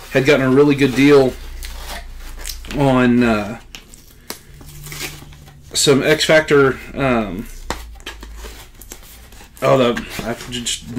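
A middle-aged man in casual unboxing chat, a comic book collector who talks in a talkative way and keeps exclaiming with excited gratitude. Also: mid-range voice, noisy background.

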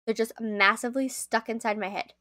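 A young woman chatting casually to viewers as she plays a game on a live stream, easily excited. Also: fairly high pitch, fairly quick.

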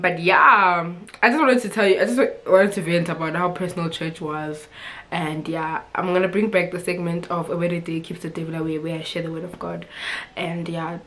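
A young woman talks straight to her camera in a loose, expressive vlog chat. Her voice sits a little low for a woman, and she keeps it lively with laughs and fillers. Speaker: vlogger.

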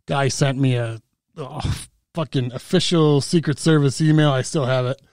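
A man's voice: mid-range voice, fairly even intonation, normal speed, a little mellow, no room sound. A man telling a laughing, swearing anecdote as a guest on a casual podcast. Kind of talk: casual storytelling.

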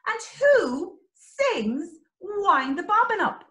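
Animated Irish woman teaching small children. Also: extremely high pitch, slow. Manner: sing-song, animated, coaxing. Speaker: early years teacher. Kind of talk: children's lesson with songs and signs. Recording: echoey room.

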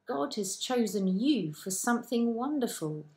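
A woman voicing the angel Gabriel, calm and comforting, in a children's Bible story. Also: fairly high pitch, measured pace, voice pushed up. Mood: reassuring. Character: gentle reassuring angel Gabriel.

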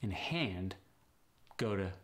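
A man working as an accent coach, briskly explaining pronunciation changes in a matter-of-fact instructional style. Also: sits low, lively intonation, a bit bright.

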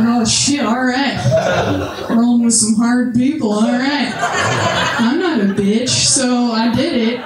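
Slow-talking woman doing a stand-up set. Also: on the high side, steady tone. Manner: storytelling with acted-out voices and laughter. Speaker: stand-up comedian. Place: comedy club stage. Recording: echoey club with loud noise.

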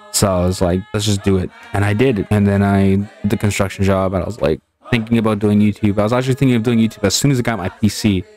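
A man's voice: fairly low pitch, darkish tone. A tired young man, a gaming channel host, talking candidly in a rambling, confessional way about hard times. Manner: rambling, candid, with restarts and frustrated outbursts. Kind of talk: casual confessional monologue.

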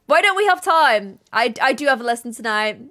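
A woman's voice: fairly high pitch, animated, a little fast, bright, forceful tone. A young woman streaming a life-sim game, chatting casually and reacting to her chat. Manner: chatty, bubbly, reads chat aloud. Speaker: gaming streamer. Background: faint game music.

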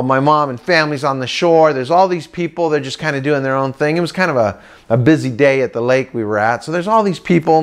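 Animated man telling a stand-up story. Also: fairly high pitch. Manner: animated, acts out voices and boat sounds. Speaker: comedian.

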